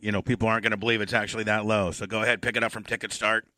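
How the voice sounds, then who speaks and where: A male radio host with a bright, pushing voice, correcting a co-worker's read line by line. He is bossy and fussy, and he swears freely. The studio sound is dry and close. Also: lowish voice, flat delivery, very fast, dry recording. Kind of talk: casual studio banter, coaching a read.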